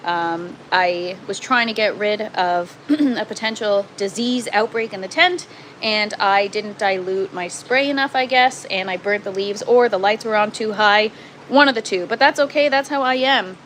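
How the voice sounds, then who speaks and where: Broadcasting live from an indoor grow tent, a chatty Canadian woman talks gardening, pokes fun at herself and responds to viewers' comments she reads aloud. She speaks in a mid-range, slightly bright voice at a moderate pace, on a rough recording with slight background noise.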